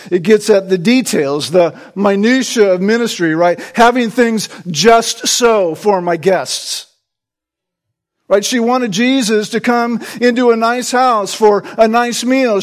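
A man preaching a sermon, emphatic, often checking in with his listeners with a quick "right?" and restarting words as he presses a point. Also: high voice.

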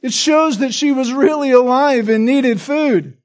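High-voiced guy preaching a sermon, earnest, keeps asking "right?". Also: unhurried. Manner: earnest, emphatic, tag questions like "right?". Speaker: pastor.

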